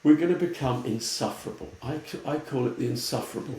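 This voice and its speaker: A man from the United Kingdom, a retail futurist, talking in a casual podcast conversation, animated and breaking into quick impressions of other people. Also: medium pitch, echoey room. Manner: animated, mimics voices in quick asides.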